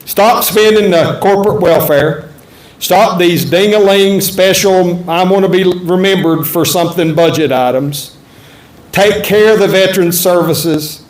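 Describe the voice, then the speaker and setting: Man, high voice, blunt folksy politician at a town hall, echoey room, faint hum. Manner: folksy, blunt, joking asides. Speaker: politician answering audience questions. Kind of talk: campaign town-hall speech and Q&A. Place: event room at a resort.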